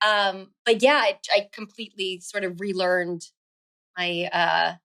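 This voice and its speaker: A woman's voice: mid-range voice, measured pace, smooth. Chatty woman from New Jersey. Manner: chatty, animated storytelling. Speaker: podcast guest. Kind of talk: casual chat.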